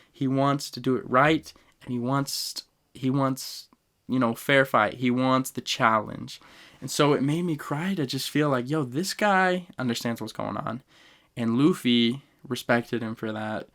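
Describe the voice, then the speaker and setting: A young man hosting a podcast, casually ranking anime moments with animated, emotional storytelling and slang. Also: mid-range voice, normal speed. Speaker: podcast host.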